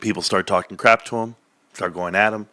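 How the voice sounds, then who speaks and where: A man's voice: fairly low pitch, fairly even intonation, brisk, bright, forceful tone, no room sound. A man in his forties rambling and joking to his viewers in a casual rant. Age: 40s. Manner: rambling, joking, tangent-prone. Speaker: stock market vlogger.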